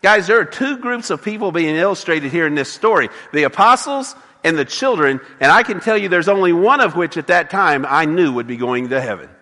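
A man's voice: a little high, expressive, brisk, few pauses, pushed and bright, big-room sound. A man preaching a sermon as a pastor, emphatic, with frequent restarts and acted quotes.

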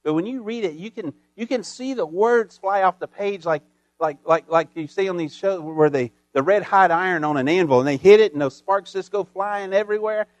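A man preaching a sermon as pastor, folksy and full of homespun sayings, building emphatically to loud peaks. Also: high-pitched, brisk, no room sound.

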